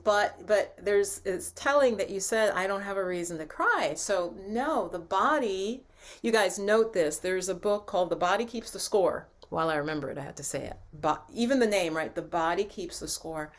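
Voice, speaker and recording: A woman guiding a relaxing acupressure session, soothing and chatty with many fillers. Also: mid-range voice. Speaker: yoga and acupressure instructor. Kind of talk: guided session with casual talk.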